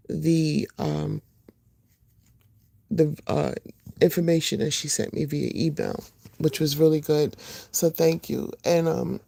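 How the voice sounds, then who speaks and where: A middle-aged woman hosting a casual livestream, just woken up with a rough voice, chatting to her viewers with lots of fillers. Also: low voice, no room sound, clean studio sound. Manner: chatty, warm greetings to viewers, many fillers. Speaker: livestream host.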